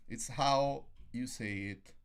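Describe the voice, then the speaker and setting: Relaxed, rambling man co-host. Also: medium pitch, slow pace, clear, resonant tone. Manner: relaxed, rambling, repeats words. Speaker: podcast co-host. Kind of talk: casual relationship chat.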